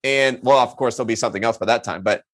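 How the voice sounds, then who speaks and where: A man being interviewed on a podcast, talking casually and telling lively stories, full of slang and filler words. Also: mid-range voice, fast talker. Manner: animated storyteller, slangy, lots of "like". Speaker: podcast guest.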